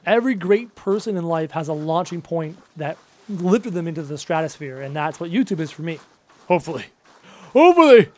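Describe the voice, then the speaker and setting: Man around thirty, high-pitched voice, upbeat chatty game streamer, casual live chat. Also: a little mellow. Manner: upbeat, chatty, answers viewer questions. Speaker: gaming livestreamer.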